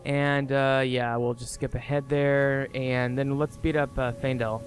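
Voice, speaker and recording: A man's voice: mid-range voice, little pitch movement, unhurried. Chatty man talking over a video game. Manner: chatty, rambling, with frequent fillers. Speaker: let's player. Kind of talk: casual gameplay commentary. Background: game music.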